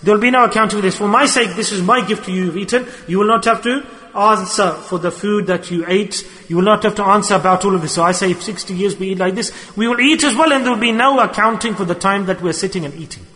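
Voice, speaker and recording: Brief: male preacher, high voice, animated and earnest sermon, long hall reverb. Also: quick pace.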